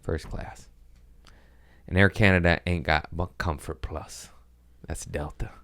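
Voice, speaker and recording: Deep-voiced profane man rambling. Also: fairly even intonation, a bit bright, dry recording. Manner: profane, self-mocking, drifts between quick asides and mumbled lines. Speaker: podcast host. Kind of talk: casual rambling monologue.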